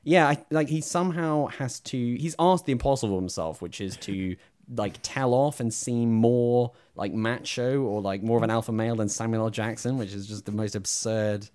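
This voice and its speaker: A man's voice: medium pitch, moderate pace, darkish tone, clean tone. A man co-hosting a podcast, chatting casually and wryly about films, laughing often. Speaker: podcast co-host. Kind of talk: casual film chat.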